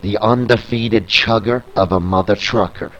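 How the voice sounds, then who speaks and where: A man reading out the brash, cocky lines of a male wrestler eager for a match in his own low voice. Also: fairly even intonation, moderate pace, fairly bright tone, dull audio, lightly acted.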